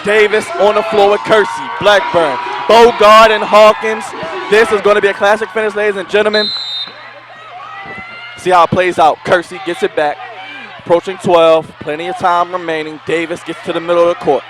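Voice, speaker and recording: A man calling a live basketball game as play-by-play announcer, emphatic and excitable. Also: high voice, normal speed. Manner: emphatic, calls action with rising excitement. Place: arena broadcast position. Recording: roaring crowd and arena noise.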